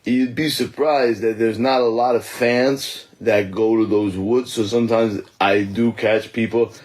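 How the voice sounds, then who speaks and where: A man doing a comic impression of a gruff aging male action-movie star, rambling slowly and deadpan. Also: on the low side, natural voice, low-quality recording. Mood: deadpan boastful.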